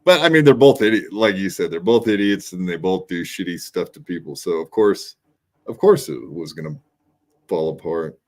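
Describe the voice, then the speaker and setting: A man's voice: deep voice, sing-song, moderate pace, a little mellow. A man hosting a podcast, chatting bluntly and profanely in casual commentary. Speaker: podcast host.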